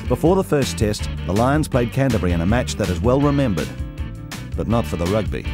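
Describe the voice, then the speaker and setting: A man's voice: on the low side, very animated, fairly quick. A man giving scripted documentary narration. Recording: music under voice.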